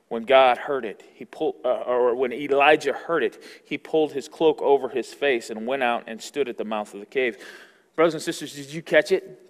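A male pastor giving an earnest sermon, building up loud and then dropping almost to a whisper. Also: mid-range voice, moderate pace. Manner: earnest preaching, swells loud then drops to near-whisper. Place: church sanctuary. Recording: long hall reverb.

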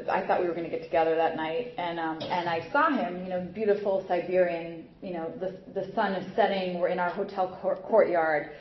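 A woman's voice: fairly low pitch, a little hiss or hum. Rambling woman in an echoey room. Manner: rambling, many fillers and restarts. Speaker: speaker at a recovery meeting. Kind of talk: personal recovery talk. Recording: muffled echoey room recording.

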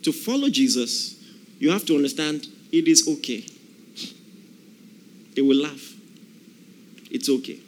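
Emphatic preacher man with lively pitch. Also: a little slow, long pauses, slight background noise. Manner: emphatic, repeats key phrases, rises to loud peaks; acts out voices of people in the story. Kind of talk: sermon.

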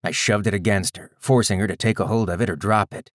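Low-voiced man narrating an audiobook. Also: steady tone, quick pace, no room sound, clean studio sound. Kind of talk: scripted first-person narration.

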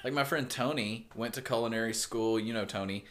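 A man's voice: on the low side, brisk, fairly bright tone, a little hiss or hum. A man telling laid-back stories in casual chat, swearing and laughing often. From United States.

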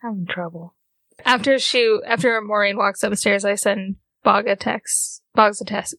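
A woman playing a tabletop game, chatting casually with quick, giggly asides. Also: mid-range voice, fairly even intonation, fairly bright tone, dry recording. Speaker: player.

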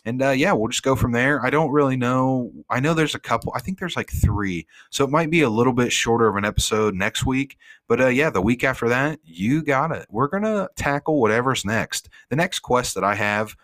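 A man's voice: medium pitch, lively intonation, brisk, hardly any pauses, a bit bright, no echo. A man hosting a podcast, talking through a video game in a casual, rambling way with lots of fillers, from his home studio. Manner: rambling, with many fillers and asides. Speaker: podcast host. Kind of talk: casual gaming recap.

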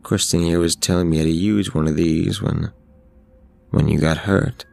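A man voicing a timid, embarrassed male high school math teacher in an audio horror story, speaking hesitantly and apologetically. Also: steady tone, normal speed, creaky, a little mellow, soft background music. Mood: sheepish.

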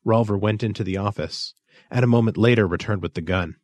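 A man reading a story aloud as narrator, in expressive, measured storytelling. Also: lowish voice, no echo, studio quality. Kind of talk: scripted audiobook narration.

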